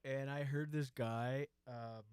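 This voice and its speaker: A man's voice: mid-range voice, steady tone, slow, a little mellow, clean tone, dry recording, clean studio sound. Rambling, laughing comedian in his forties. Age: 40s. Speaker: host. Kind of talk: comedic storytelling chat.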